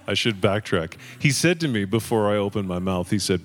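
A man's voice: fairly low pitch, expressive, a little fast, few pauses. A man telling a funny personal story on a live event stage, self-amused and chuckling through his lines. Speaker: audience storyteller.

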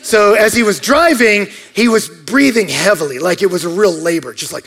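A pastor giving a sermon, an animated storyteller who swings from loud outbursts to hushed asides. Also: male voice, high-pitched, a little slow, slightly rough.

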